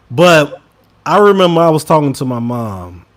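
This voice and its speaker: A man's voice: big pitch swings, measured pace. Emphatic man. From Chicago. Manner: emphatic, swings between loud bursts and low mutters; talks straight to listeners, says y'all. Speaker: podcast co-host. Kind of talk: casual opinion commentary.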